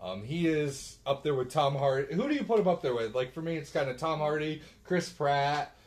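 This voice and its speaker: A man's voice: on the high side, animated, normal speed. A young man co-hosting a casual movie review chat, blunt and joking. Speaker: podcast co-host.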